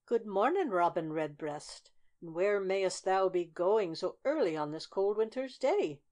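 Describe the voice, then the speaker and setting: A woman's voice: on the low side, unhurried, lightly acted. A woman doing an eager, crafty little boy. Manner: eager, coaxing. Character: eager rosy-cheeked young boy, crafty.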